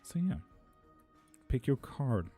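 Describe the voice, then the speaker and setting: A man's voice: medium pitch, big pitch swings, slow, dark tone, faint music behind. A man reading tarot on a live stream, casually reading out chat messages and answering them offhand.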